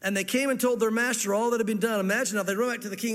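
A man's voice: high voice, steady tone, rapid-fire. A man preaching a sermon, earnest, acting out the parable's dialogue in different voices. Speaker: pastor. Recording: long hall reverb.

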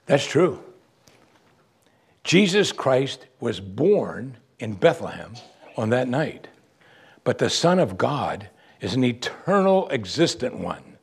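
Husky-voiced man preaching a sermon. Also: medium pitch, big pitch swings, slow. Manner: emphatic preaching, reads scripture aloud then explains it. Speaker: pastor.

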